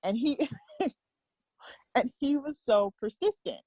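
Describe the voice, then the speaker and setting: A woman's voice: high-pitched, animated, slow, dark tone, husky, dry recording, highs cut off. A woman guest speaking frankly and earnestly in a candid podcast conversation. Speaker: interview guest.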